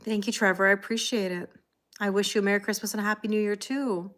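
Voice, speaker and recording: A fast-talking middle-aged tarot reader with a Canadian accent has a mid-range, fairly bright voice with fairly even intonation. During her live stream she chats, addresses viewers by name, and reads their comments.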